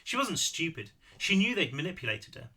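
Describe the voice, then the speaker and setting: A man reading his own novel aloud, with lively delivery and casual asides. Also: a little high, a little fast, breathy edge. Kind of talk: audiobook read-through with asides.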